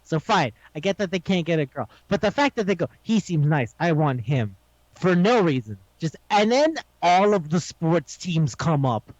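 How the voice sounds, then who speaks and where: A man co-hosting a casual podcast, recapping an episode with animated, profane delivery and acted-out lines. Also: high voice, moderate pace, hardly any pauses, no room sound. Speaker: podcast co-host. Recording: dull lo-fi sound.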